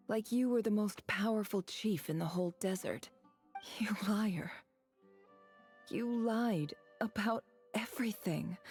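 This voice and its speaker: An actress playing a cool, self-assured young desert woman with a gravelly, hushed, mocking delivery. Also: medium pitch.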